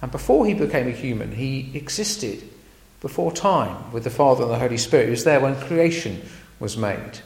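A man preaches in an animated voice that rises and falls for emphasis. His voice has a gravelly edge, and the room rings with echo. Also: mid-range voice, normal speed. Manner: lively, emphatic, frequent ums. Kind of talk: sermon. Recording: echoey room.

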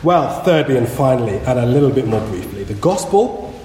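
Lively, mellow-voiced man preaching in an echoey hall. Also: mid-range voice. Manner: earnest, measured preaching with emphatic stresses. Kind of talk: sermon. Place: church. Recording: echoey hall with long reverb.

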